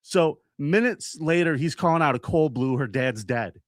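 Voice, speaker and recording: Lively, animated male true-crime storyteller. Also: normal speed, dry recording, clean studio sound. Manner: animated, acts out quotes with big jumps in pitch. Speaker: podcast co-host.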